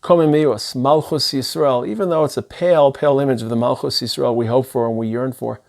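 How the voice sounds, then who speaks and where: A man's voice: medium pitch, steady tone, fairly quick, vocal fry, a little mellow. Impassioned man giving a sermon. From Israel. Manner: impassioned, building in intensity through long lists. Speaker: rabbi giving a holiday address. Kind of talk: sermon-style speech.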